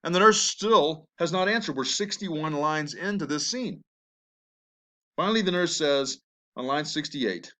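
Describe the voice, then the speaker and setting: A man's voice: fairly high pitch, expressive, unhurried, a bit bright. A man teaching a lesson on a play, talking in a conversational way with asides and fillers. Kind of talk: recorded lecture.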